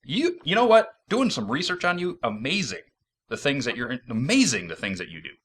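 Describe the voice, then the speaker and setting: Sex: man. Role: host. Style: casual podcast interview. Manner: upbeat, joking. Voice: bright, with a very lively pitch. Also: brisk, slightly rough. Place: San Jose, California.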